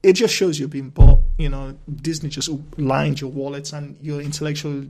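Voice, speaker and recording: Male podcast host with a raspy, fairly high voice, ranting off the cuff and swearing freely. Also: steady tone, moderate pace, dark tone. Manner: ranting, profane, rambling with restarts. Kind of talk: solo podcast rant.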